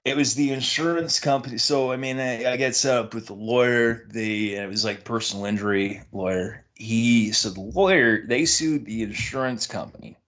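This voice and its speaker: A man with a middle-pitched voice tells a personal story in relaxed podcast chat. He throws himself into the quoted lines, jumping up in pitch for other people's voices. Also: normal speed, few pauses. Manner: animated, acts out quoted dialogue. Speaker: podcast guest.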